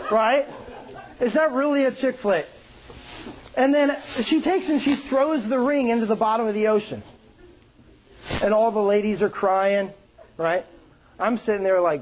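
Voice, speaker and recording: Joking, high-voiced man preaching a sermon. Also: moderate pace, low-quality recording. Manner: joking, animated storytelling with playful put-on voices. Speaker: pastor.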